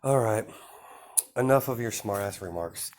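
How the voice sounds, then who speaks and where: A proud, stern vampire princess and mother, put on by a man in a homemade storytelling video. Her lines come out low and slow with halting, improvised pauses. The delivery stays close to an everyday speaking voice. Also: background noise, lightly acted. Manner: hesitant, filler-heavy improvised lines.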